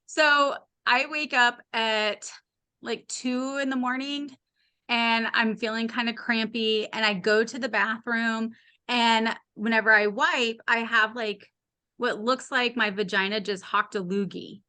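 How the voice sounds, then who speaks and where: Unhurried and a bit high, her voice has a clean tone. She's a woman in her late thirties or forties guesting on a podcast, casually recounting a candid, funny episode from her life, with wry humor and animated impressions of the other people's voices.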